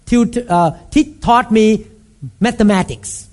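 A man preaching a sermon as a pastor, emphatic and repetitive, acting out scenes with sudden shouts. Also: high-pitched, measured pace. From Thailand.

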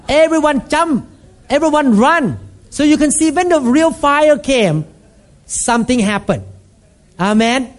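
High-voiced man preaching. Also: lively intonation, a little slow. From Thailand. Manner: emphatic, repetitive, acts out scenes with sudden shouts. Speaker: pastor. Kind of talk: sermon.

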